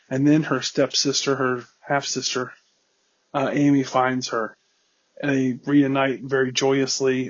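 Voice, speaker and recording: A man hosting a podcast, casually recapping a movie in a wry, rambling way and getting easily exasperated. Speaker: podcast host. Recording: muffled low-quality audio.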